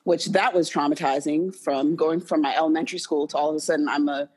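A woman's voice: sits low, steady tone, fast talker, darkish tone, husky. A young woman, from Bermuda, telling stories as a guest in a casual, chatty conversation full of "like". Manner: chatty storytelling with many likes. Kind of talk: casual chat.

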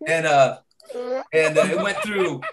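A man's voice: fairly high pitch, measured pace, background noise. A man, a comedian guest, telling rambling stories in casual talk and often tagging "right?". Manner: rambling, constantly adds "right?"; laughs while telling stories.

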